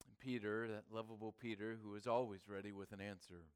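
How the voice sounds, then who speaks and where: A man preaching a sermon, swinging between hushed, quiet passages and emphatic, raised lines. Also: fairly low pitch, flat delivery, a little fast, smooth. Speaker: pastor.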